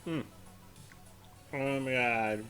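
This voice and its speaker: Slow, bright-voiced man rambling while eating. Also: mid-range voice, faint music behind. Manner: rambling, giggly, trailing off mid-sentence. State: eyes watering from spicy food. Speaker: vlogger. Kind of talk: casual commentary while eating.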